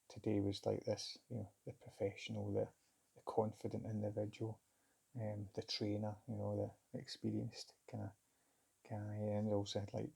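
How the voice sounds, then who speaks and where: A middle-aged man telling a personal story in a candid, halting, reflective way. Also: on the low side, vocal fry, warm tone, husky. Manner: candid, halting, self-searching. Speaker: vlogger recounting a job interview.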